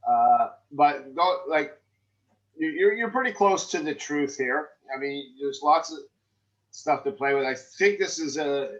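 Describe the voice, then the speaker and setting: A man's voice: fairly high pitch, unhurried, a bit bright, muffled recording. A middle-aged man giving script feedback in an acting class, rambling and often checking in with "right?". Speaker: acting coach.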